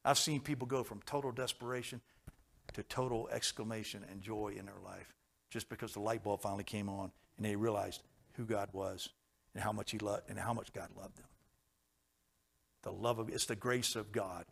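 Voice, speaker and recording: A man preaching a sermon, telling stories with folksy jokes and chuckles, swinging from hushed tones to loud, fervent passages. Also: on the low side, steady tone, normal speed, creaky.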